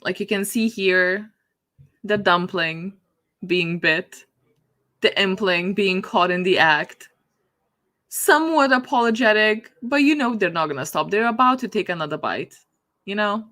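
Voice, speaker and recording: A woman's voice: mid-range voice, expressive, unhurried, pushed and bright. A woman chatting casually on a livestream, giggling often as she talks. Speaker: book streamer.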